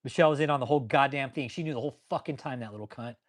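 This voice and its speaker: A man hosting his own channel, ranting angrily and swearing nonstop, pausing to answer viewers in the live chat. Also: medium pitch. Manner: angry, swears constantly. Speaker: channel host. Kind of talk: profane ranting commentary with live chat replies.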